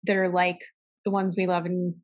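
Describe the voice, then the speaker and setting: A woman's voice: lowish voice, completely flat delivery, normal speed. Chatty woman cohosting a podcast, casual and a bit sweary, just talking with her friend. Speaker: podcast co-host. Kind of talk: casual chat.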